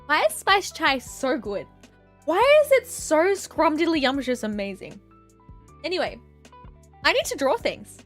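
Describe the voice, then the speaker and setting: Woman streamer, high and highly animated, giggly rambling live-stream chat. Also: unhurried, pauses often, soft background music. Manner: rambling, giggly, playful tangents. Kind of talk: casual live-stream chat while drawing.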